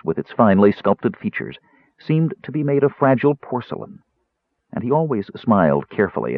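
Husky, expressive male audiobook narrator. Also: on the low side, dry recording. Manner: expressive, voices characters. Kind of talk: scripted fantasy narration. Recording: tinny phone-like audio, dry.

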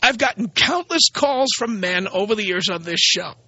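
A man's voice: sits high, lively intonation, normal speed, bright, forceful tone, breathy edge, no echo, lo-fi sound. A man hosting a radio talk show, delivering a blunt, sarcastic, opinionated monologue.

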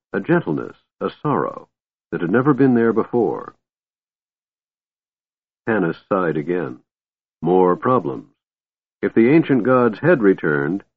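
Low-voiced man narrating an audiobook. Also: dry recording. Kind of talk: scripted narration. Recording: narrow phone-like dry audio.

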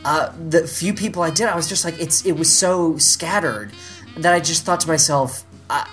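A man's voice: on the high side, normal speed, faint music behind. A man hosting a casual chat, telling stories with exasperated asides. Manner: animated storytelling with exasperated asides.

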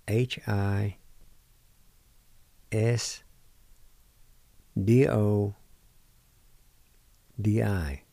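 A middle-aged man hosting a language lesson, spelling words letter by letter and repeating each one slowly. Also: fairly low pitch, vocal fry, mellow, no room sound. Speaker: radio host teaching words. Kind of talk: slow word-by-word language lesson.

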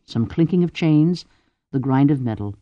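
A man narrating an audiobook in a measured, deliberate storytelling manner. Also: medium pitch, expressive, warm tone, no echo, dull audio. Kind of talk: scripted narration.

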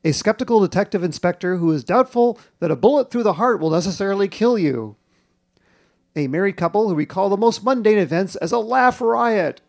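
A man hosting a television podcast, narrating in a measured, informative way. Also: high voice, expressive, creaky, a little mellow. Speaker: podcast host. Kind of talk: scripted narration and chat.

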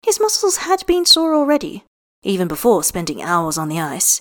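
Expressive woman reading a story aloud. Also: medium pitch, normal speed. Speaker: reader. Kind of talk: storybook narration.

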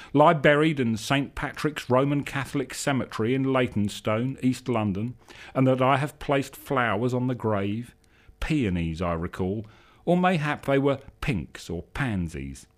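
A man voicing a languid, bookish young man who drawls in a lofty, unhurried way. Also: medium pitch, natural voice.

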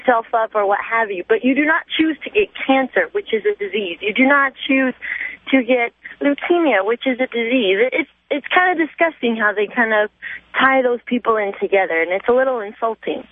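A woman's voice: a little high, animated, fairly quick, no room sound. A woman calling into a talk radio show, speaking indignantly and with emphasis over a phone line. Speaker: caller.

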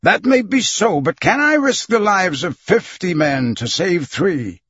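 A man's voice: sits high, expressive, unhurried, fairly bright tone, breathy edge, no echo, lo-fi sound, voice pushed up, exaggerated voice. A man voicing a proud, stern army captain who speaks in a raised, emphatic voice.

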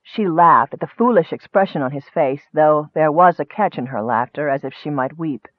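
A man's voice: on the high side, no room sound. Man narrating an audiobook, tinny. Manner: measured, expressive reading. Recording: dry, phone-like narrow sound.

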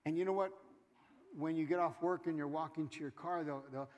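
A pastor with a fairly high voice delivers a slightly fast sermon in a church sanctuary, calling out to the congregation and mimicking churchgoers in quoted asides. The recording is muffled and echoes through the hall, with the congregation audible.

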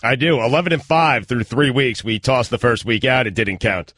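A man's voice: mid-range voice, moderate pace, a bit bright, dry recording. Cocky male sports radio co-host. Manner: cocky, defensive, boastful. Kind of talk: casual sports talk. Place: radio studio.

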